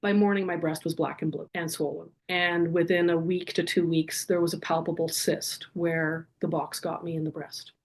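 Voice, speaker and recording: A woman's voice: low-pitched, flat delivery, moderate pace, few pauses. A middle-aged woman, a podcast guest telling a personal story in earnest, vivid detail.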